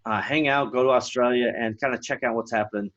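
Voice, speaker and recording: A man's voice: medium pitch, steady tone, fast talker, a bit bright, lo-fi sound. A man hosting his podcast alone, talking casually with lots of fillers and restarts. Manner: rambling, many fillers and restarts. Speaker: podcast host. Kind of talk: casual solo podcast monologue.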